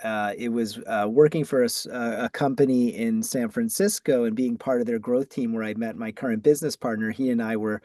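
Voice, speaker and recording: A middle-aged man from Massachusetts with a Boston accent, answering interview questions in a measured way with frequent ums and restarts. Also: mid-range voice, fairly even intonation, mellow, no room sound. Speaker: guest, ad agency founder.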